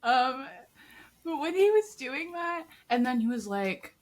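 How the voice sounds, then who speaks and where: A woman's voice: sits high, measured pace. A woman co-hosting a podcast, chatting casually about a TV show and acting out quotes in different voices. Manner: animated, acts out quotes in varied voices. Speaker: podcast co-host. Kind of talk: casual TV review chat.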